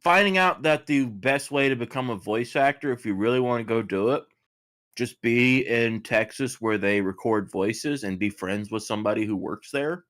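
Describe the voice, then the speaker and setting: A man chatting on a podcast, joking with quick quips. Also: mid-range voice, fairly bright tone. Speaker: podcast guest. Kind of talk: casual chat.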